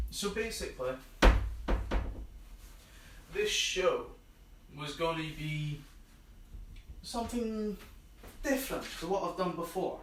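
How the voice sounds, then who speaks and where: Slow-talking Scottish man hosting a podcast. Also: high-pitched, animated, background noise. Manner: rambling, self-mocking, swears. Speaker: podcast host. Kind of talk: casual solo podcast monologue.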